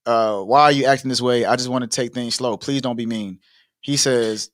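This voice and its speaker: A man's voice: medium pitch, normal speed, dry recording, clean studio sound. A man co-hosting a casual talk show, reading a text exchange aloud and acting it out, laughing often. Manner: animated, laughs often, acts out the text messages. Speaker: co-host. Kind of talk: casual podcast chat, reading messages aloud.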